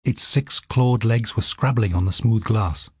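A man narrating an audiobook in a steady, vivid storytelling manner. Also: fairly low pitch, measured pace, husky, no echo, studio quality.

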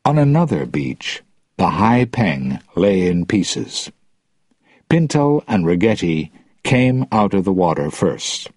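A man reading a story aloud with slow, expressive narration. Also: deep voice, husky, no room sound, clean studio sound.

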